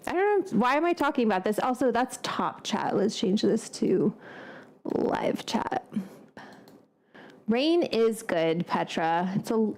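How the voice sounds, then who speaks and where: A woman's voice: on the high side, animated, normal speed, hardly any pauses, a little mellow. Chatty rambling woman cooking host. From United States. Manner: rambling, self-interrupting, thinks aloud. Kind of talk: casual chatty cooking vlog.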